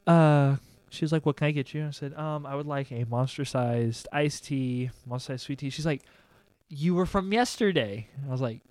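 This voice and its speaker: A man's voice: mid-range voice, little pitch movement, a little fast, darkish tone, no echo. A young man, a podcast co-host telling a story in casual chat and acting out both sides of the conversation.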